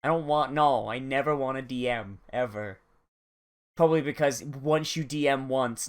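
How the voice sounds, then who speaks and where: An anime reviewer talks through an episode in loose, profane, rambling commentary. The delivery is animated and full of asides. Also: medium pitch, normal speed. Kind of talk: casual reaction commentary.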